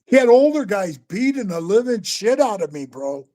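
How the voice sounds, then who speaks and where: A man in his sixties telling stories in a casual chat, animated and profane, calling the host bro and man all the time. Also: sits high, moderate pace. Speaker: guest storyteller. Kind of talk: casual storytelling.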